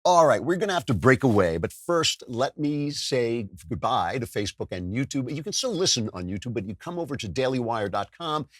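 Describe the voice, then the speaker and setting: A man's voice: very animated, fairly quick, few pauses, dry recording, clean studio sound. A male podcast host delivering a wry, sardonic opinion monologue. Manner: wry, sardonic, with sudden jumps in pitch. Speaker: political commentary podcast host.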